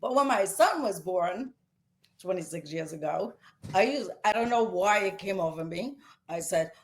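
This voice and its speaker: Animated Brooklyn woman telling stories. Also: medium pitch, moderate pace, slight background noise. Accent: New York. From Brooklyn, New York. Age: middle-aged. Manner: animated, emotional storyteller, voice rising as she tells it. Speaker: guest author. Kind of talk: casual storytelling interview.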